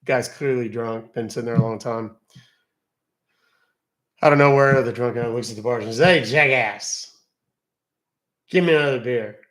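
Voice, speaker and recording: A man's voice: lowish voice, rough recording. A man hosting a live stream, telling a dad joke in a jokey manner. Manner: jokey, laughs at his own joke. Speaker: host.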